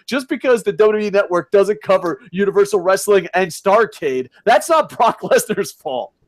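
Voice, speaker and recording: A young man with a fairly high voice rambles through casual wrestling chat. He swears constantly and gets more excited the longer he talks. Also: normal speed. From United States. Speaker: podcast co-host.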